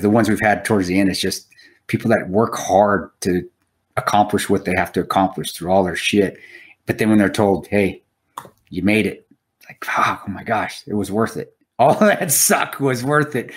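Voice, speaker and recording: Rambling, profane low-voiced man. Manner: rambling, profane, restarts a lot. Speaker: podcast co-host. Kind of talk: casual chat.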